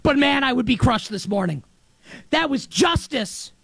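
A man from New York hosting a sports show, delivering an animated, emphatic monologue that swings between loud highs and muttered lows. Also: unhurried, vocal fry, breathy edge, no room sound. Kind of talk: excited sports commentary monologue.

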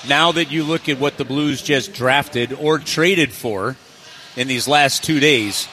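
A man's voice: medium pitch, slow, a little hiss or hum. A man co-hosting a hockey broadcast from an arena event, making emphatic points in casual talk. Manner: animated, emphatic, laughs easily.

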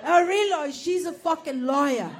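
A woman's voice: high voice, a little slow, slight background noise. A woman telling a stand-up comedy story in a crude, profane, self-mocking way. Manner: lively, animated delivery.

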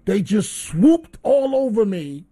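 Host, male, fairly high voice, lively storyteller on radio. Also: takes it slowly, breathy edge. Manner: animated storyteller.

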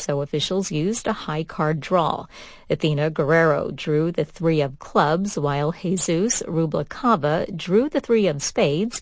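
A woman reads the news bulletin in a steady, measured delivery. Her voice sits low, and the studio recording is dry and close. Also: no room sound. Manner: even, measured newsreading. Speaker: newscaster. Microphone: studio microphone.

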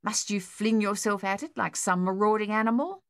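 A woman voicing a stern middle-aged farm mother with a brisk, scolding manner. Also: mid-range voice, clean tone, no room sound, clean studio sound, pitched above the performer's own voice, close to an everyday voice.

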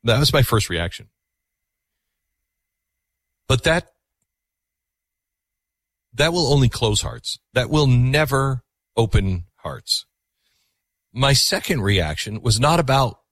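A man's voice: mid-range voice, animated, slow pace, pauses often, fairly bright tone, no room sound. A man hosting a call-in radio show, speaking earnestly and reflectively to callers. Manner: earnest, reflective, taking calls. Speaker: radio talk show host.

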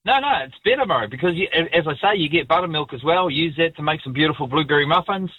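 A New Zealand man, a chef, calls in to talk radio and speaks bluntly in a matey way. His voice sits a little high. The call sounds dull and muffled, and the signal is dry. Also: animated, quick pace, husky, dry recording. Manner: blunt and matey, says "mate" often. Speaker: caller, chef. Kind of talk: phone-in call. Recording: muffled phone line.

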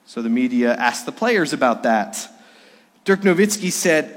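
A man preaching a Sunday sermon as pastor, earnest, slowing and dropping his voice for emphasis. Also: medium pitch, expressive. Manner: earnest preaching with dramatic pauses. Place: church sanctuary. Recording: live church service with long reverb.

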